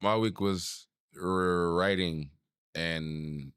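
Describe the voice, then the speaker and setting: A man with a raspy voice hosting a podcast in casual chat, loose and self-mocking as he stumbles over his words. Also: low voice, steady tone, very slow, fairly bright tone, dry recording, studio quality. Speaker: podcast host.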